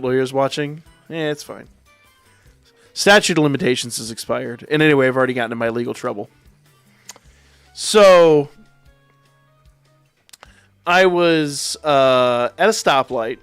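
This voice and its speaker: A man's voice: mid-range voice, fairly bright tone, smooth, no echo. A man hosting a livestream, telling a story in a wry, profane, casual way. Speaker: livestream host.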